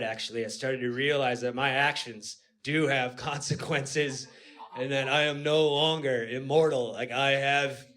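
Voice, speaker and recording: Male stand-up comic, rambling storyteller, quiet mutters building to shouts, handheld stage mic, live comedy club, audible room noise. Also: mid-range voice.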